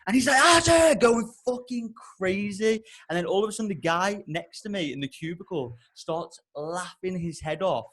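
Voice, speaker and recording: A young man on a podcast, telling a comic story with heavy swearing and loud, exasperated outbursts. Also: high-pitched, normal speed, hardly any pauses. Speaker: podcast co-host.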